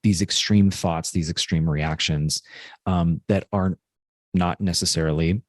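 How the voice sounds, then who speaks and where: A man's voice: low-pitched, steady tone, measured pace, no room sound, studio quality. A man co-hosting a podcast, talking through a personal story in an earnest, rambling way with lots of fillers. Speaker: podcast co-host. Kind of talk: casual reflective podcast chat.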